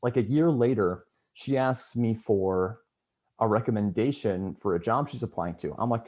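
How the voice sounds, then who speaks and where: A young man with a low, mellow voice speaks at a farewell on a video call. He tells his story in a loose, rambling way, full of fillers and restarts. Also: normal speed. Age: young adult. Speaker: student government member. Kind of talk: farewell speech at online meeting.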